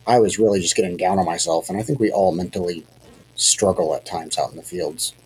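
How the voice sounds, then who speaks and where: A man with a low, deep voice tells a hunting story in a loose, rambling way. He second-guesses himself and fills his talk with "you know" and "um". A faint hiss sits under the recording. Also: brisk, a little mellow, rough recording. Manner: rambling, self-deprecating, many fillers and restarts. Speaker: hunting guide telling a hunt story. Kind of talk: casual storytelling on a podcast.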